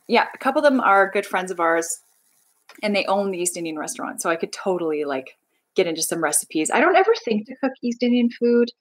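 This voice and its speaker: On a rough recording, a young Canadian woman with a slightly high voice hosts a livestream. Bubbly and rambling, she chats casually and reads viewer comments out loud.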